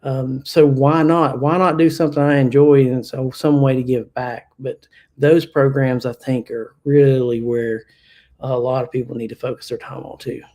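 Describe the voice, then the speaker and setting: This plainspoken man from Kentucky is a hunter being interviewed casually on a podcast, and he uses lots of fillers and restarts. He talks at normal speed in a mid-range voice that is level in tone and mellow.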